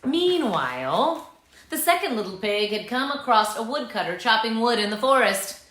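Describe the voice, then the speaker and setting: A woman reads a children's storybook aloud with a lively, up-and-down voice, coaxing her young listeners to act along. Her tone is bright and clear, and the room around her adds echo. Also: a little high, moderate pace, slight background noise. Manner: lively, coaxes listeners to join in. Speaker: children's read-aloud host. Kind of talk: animated storybook read-aloud. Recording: roomy echo.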